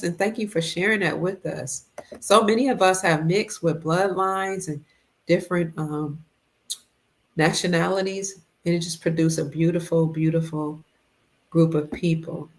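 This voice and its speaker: A woman hosting a casual livestream, greeting viewers by name and reading their comments, a little congested. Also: lowish voice. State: congested, fasting. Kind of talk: casual live-stream chat.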